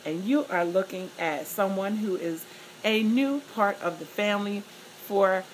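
Excited chatty woman vlogger. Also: mid-range voice, measured pace, slight background noise, low-quality recording. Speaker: vlogger and plus-size model. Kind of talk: casual chat to viewers.

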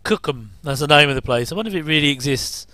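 A man's voice: fairly high pitch, lively intonation, fast, sharp tone, dry recording. A middle-aged man giving a chatty, jokey commentary over a TV episode. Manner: chatty, jokey asides with chuckles. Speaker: commentary host. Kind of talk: casual watch-along commentary.

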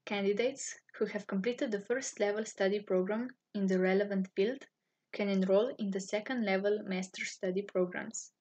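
Breathy-voiced woman. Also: mid-range voice, moderate pace. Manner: formal, even-toned reading. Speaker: university student office staff. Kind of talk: scripted informational narration.

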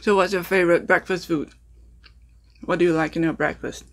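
A woman's voice: fairly low pitch, steady tone, fairly quick. A woman food vlogger chatting casually as she walks through cooking and eating breakfast, full of ums and uhs, talking straight to her viewers. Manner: talks to viewers directly, asks them questions. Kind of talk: casual cooking and mukbang chat. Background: faint background music.

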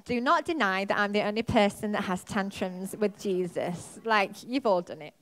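A woman pastor preaching a sermon in a church, telling a personal story in an animated way, her voice leaping up as she relives moments. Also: medium pitch, moderate pace. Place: church auditorium.

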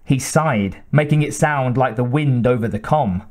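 A man reads an audiobook aloud in a steady, measured voice at medium pitch. It's scripted narration.

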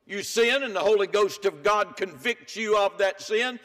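Emphatic high-voiced older preacher. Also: male voice, normal speed. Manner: dramatic swings between hushed and emphatic. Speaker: pastor. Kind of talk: sermon. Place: church sanctuary.

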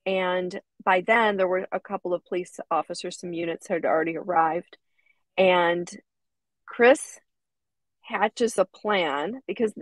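A woman's voice: on the low side, dry recording, low-quality recording. A middle-aged woman co-hosting a casual talk show, who tells a personal story in a chatty way and retells what people said. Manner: chatty, laughs easily, retells quotes. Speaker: co-host.

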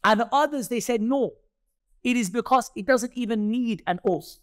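A man's voice: very high voice, normal speed, dry recording, studio quality. A man giving a Quran commentary lesson, explaining step by step, repeating key points and mixing Arabic terms into English. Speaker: Islamic teacher. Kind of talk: tafsir lesson.

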